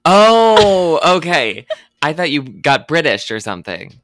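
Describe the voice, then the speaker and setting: Very low-voiced deadpan woman co-host. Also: measured pace, dry recording, studio quality. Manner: deadpan, blunt and sarcastic. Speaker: podcast co-host. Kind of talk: casual chat.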